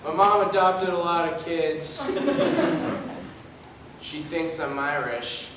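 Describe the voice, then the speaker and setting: A man's voice: a little high, slow pace, heavy background noise. A man playing a sly, lazy adopted son, talking in a dry, offhand way in an improv comedy scene. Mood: smug. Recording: echoey room from far off, live stage.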